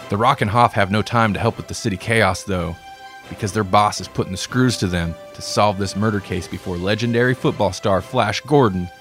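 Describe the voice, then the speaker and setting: Man narrating a silly story, lowish voice. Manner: relaxed, self-deprecating asides. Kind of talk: reading a comedic crossover story aloud.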